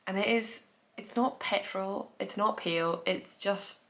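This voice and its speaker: A woman's voice: medium pitch, unhurried, fairly bright tone. A woman hosting her own podcast, chatting casually on camera at home with gushing enthusiasm and lots of trailing restarts. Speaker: podcast host. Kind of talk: casual chat.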